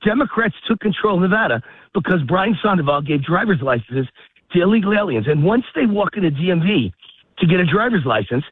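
A high-voiced man calls in from a park walk, out of breath and heated. His voice is husky and comes through a tinny phone line. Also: no echo. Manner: fast, heated ranting with rising emphasis. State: out of breath, walking a dog. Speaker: guest commentator. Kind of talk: political talk radio interview. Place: outdoors in a park, walking. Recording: phone-line call, dry.

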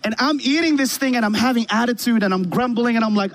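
A man preaching a sermon on a church stage with a band, telling a story in an animated way and often restarting his sentences. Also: very high voice, fast talker, hardly any pauses.

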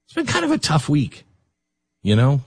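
Husky, lively man hosting talk radio. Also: on the high side, normal speed, dry recording. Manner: emotional, animated, emphatic. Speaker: radio talk show host.

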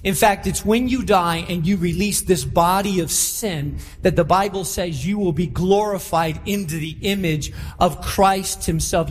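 Male pastor, high voice, live sermon in a reverberant auditorium, emphatic repetition. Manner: preaching with rising, emphatic repetition to a congregation. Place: large church auditorium.

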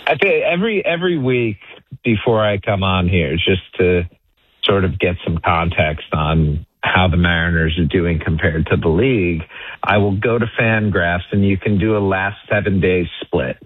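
A man's voice: low-pitched, moderate pace, breathy edge, no echo, narrow, tinny audio. A man talking baseball as a guest on a sports radio show, self-deprecating and packed with statistics, restarting his sentences often. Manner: self-deprecating, stat-heavy, frequent restarts. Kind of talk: casual sports radio chat.

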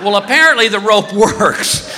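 A man's voice: sits high, normal speed, slight background noise. A man doing stand-up comedy, telling a story and acting out the people in it with big screams. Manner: animated, acting out voices and screams. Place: comedy stage before a live audience. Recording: echoey venue with long reverb.

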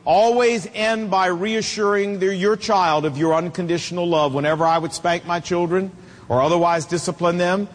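A man's voice: high voice, fairly even intonation, moderate pace, big-room sound. A middle-aged man preaching a sermon, emphatic and telling stories with acted quotes.

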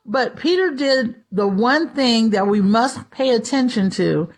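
A woman preaching a sermon in an expressive, storytelling way. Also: fairly high pitch. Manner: expressive, shifts into dramatized voices.

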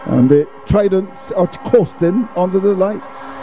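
A man giving ball-by-ball cricket commentary in a steady, folksy way, dropping proverbs between deliveries. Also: sits high, slow pace, soft background music.

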